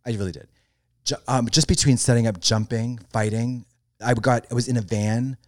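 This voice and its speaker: A young man co-hosting a casual podcast chat, animated and swearing, with shrieks of laughter. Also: mid-range voice, normal speed, dry recording, studio quality. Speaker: podcast co-host.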